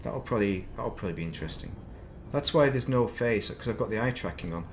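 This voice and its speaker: A man's voice: fairly low pitch, expressive, fast talker, creaky, slight background noise. A man chatting casually while playing a game on stream, rambling between topics with self-deprecating asides at his desk mic. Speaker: gaming streamer.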